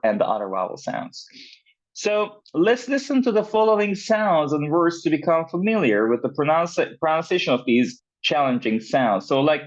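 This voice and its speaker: A man teaching pronunciation in an online class, talking slowly with many fillers, repeats and checks of "right?". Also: mid-range voice. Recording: dull, lo-fi sound.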